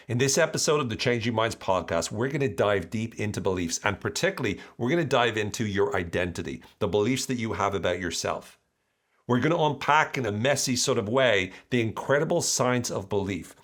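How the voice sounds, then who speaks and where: A man hosting his own podcast, explaining ideas in an enthusiastic, animated solo monologue. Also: on the low side. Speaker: podcast host.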